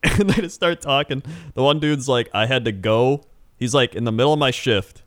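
A young man chatting casually and telling an animated story, acting out quotes and laughing often. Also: mid-range voice, moderate pace, dry recording, studio quality. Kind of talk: casual chat.

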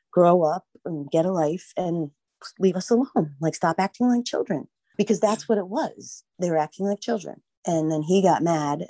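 A woman's voice: low-pitched, vocal fry, warm tone, no room sound. A middle-aged American woman with an American accent, rambling in an emotional interview as a guest, acting out quoted voices and filling with "like" and "you know.". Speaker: mother of a missing girl, guest.

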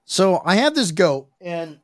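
A man's voice: high-pitched, very animated, unhurried, no room sound, studio quality. A man hosting a podcast, telling a rambling story with plenty of swearing and restarts after he has been drinking. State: tipsy from drinking. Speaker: podcast host. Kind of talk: casual chat.

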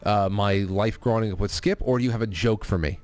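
A man's voice: lowish voice, brisk, darkish tone. A man hosting a call-in show, rambling in casual chat with many restarts. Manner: rambling, chatty, with frequent restarts and fillers. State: grieving his stepfather.

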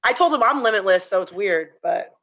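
A woman's voice: mid-range voice, animated, fairly quick, a bit bright. A woman in casual chat, speaking in a wry, understated way.

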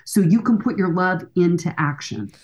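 A woman's voice: lowish voice, expressive, normal speed, a little mellow. A woman in her sixties, a counselor and author, speaking earnestly and emphatically as a guest in a podcast interview. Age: 60s.

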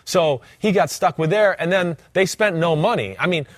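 A former player co-hosting a sports talk show, his voice sitting a little high for a man. The sound is dry and close, with no room around it. He breaks down the game in an animated way, slipping into other people's voices as he goes. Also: normal speed, dry recording. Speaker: former player turned co-host.

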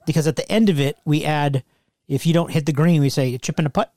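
A man's voice: a little high, steady tone, fast talker, warm tone, dry recording. A man co-hosting a podcast, chatting casually and tossing in dry comebacks. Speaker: podcast co-host. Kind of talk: casual chat.

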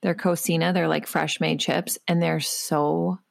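A mother co-hosting a relaxed podcast chat, with a low voice that has a strong gravelly fry running through it. She tells stories with a teasing edge and is quick to laugh. The sound is dry and close to the mic. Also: no room sound. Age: adult, a mother. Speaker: podcast co-host. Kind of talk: casual chat.

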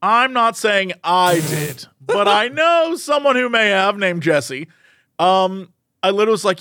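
Speaking a little slowly in a high pitch, this podcast co-host chats casually and spins an animated story, performing the quoted voices himself. The recording is dry and the studio sound is clean.

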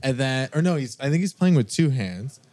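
A man's voice: medium pitch, expressive, brisk, a little mellow, no echo. A man in his thirties, a drummer, chatting in an easygoing, agreeable way with casual swearing. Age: 30s. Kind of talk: casual chat.

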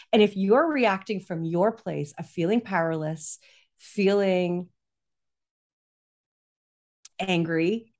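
A woman talking as a parenting coach in conversation. She is earnest and often checks in with "right?". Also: medium pitch. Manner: earnest, frequently adds "right?". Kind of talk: conversational guest explanation.

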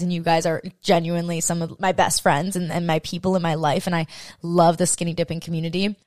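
A woman's voice: mid-range voice, smooth, dry recording. Tearful young woman, dry close sound. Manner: emotional, swears freely, acts out her own inner voices. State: crying. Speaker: podcast host. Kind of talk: personal confessional monologue.

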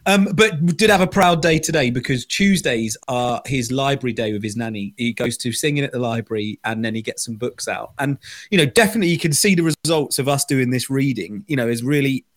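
A man's voice: mid-range voice, a little fast. A man co-hosting a podcast, chatting in an upbeat way about his toddler. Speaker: podcast co-host. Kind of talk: casual chat.

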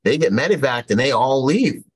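A man's voice: mid-range voice, big pitch swings, normal speed, husky, low-quality recording. A man, a podcast guest from the United States, telling a rambling war story in casual talk, full of fillers and quoted lines.

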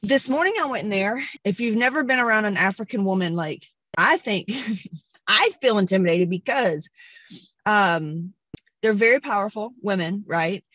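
A woman's voice: medium pitch, normal speed, no echo. Southern woman podcast host, blunt and salty, dry and slightly muffled sound. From American South. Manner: blunt, profane, animated, puts on voices for quotes. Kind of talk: casual storytelling monologue.

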